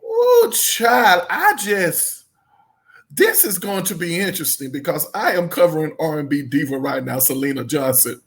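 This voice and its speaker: A woman hosting a casual chat, animated and laughing often as she draws out emphatic phrases. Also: low-pitched, moderate pace. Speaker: podcast host.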